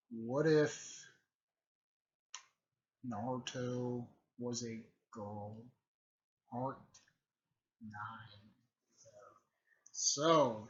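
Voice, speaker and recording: A man's voice: medium pitch, a bit bright. Rambling man with a dull lo-fi mic. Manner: filler-heavy, repeats "technically" and "and stuff like that", clears throat often. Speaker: video creator recapping a fan series. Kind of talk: casual rambling recap.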